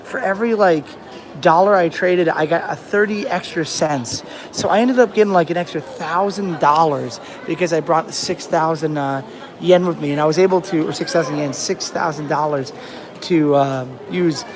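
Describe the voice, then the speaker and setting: A young American man tells a lengthy travel tale for his vlog while standing outdoors on a rainy beach, with a crowd audible behind him and faint outdoor ambience. His slightly high voice keeps a moderate pace as he rambles and starts over again and again.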